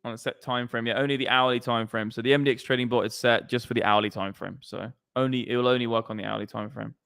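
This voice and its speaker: A man hosting a laid-back trading show, full of banter and casual swearing. His voice is bright and crisp, sitting at an ordinary pitch. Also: fairly even intonation, fast talker. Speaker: host of a crypto trading show. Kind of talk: casual group chat.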